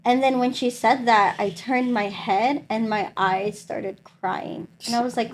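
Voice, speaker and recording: A young woman tells her faith testimony in an interview, animated and peppered with "like," acting out quoted voices. Her voice is on the high side and moderately paced with few pauses, and there is a little hiss or hum in the recording.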